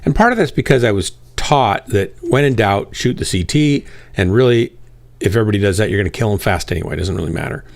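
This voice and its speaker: A man's voice: fairly low pitch, lively intonation, fast, creaky, no echo. A man hosting a live game stream, chatting casually and self-deprecatingly with viewers while he plays.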